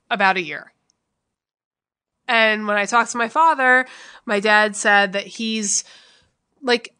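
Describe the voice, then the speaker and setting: Bright-voiced woman venting bluntly. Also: medium pitch, clean tone, dry recording, clean studio sound. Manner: emotional, blunt and profane. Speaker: podcast co-host. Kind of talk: candid conversational storytelling.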